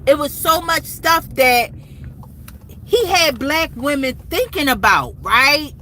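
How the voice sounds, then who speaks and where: High bright-voiced woman vlogger. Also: expressive, takes it slowly, a little hiss or hum, rough recording. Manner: repetitive, urgent, addresses viewers as guys. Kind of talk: emotional commentary to camera.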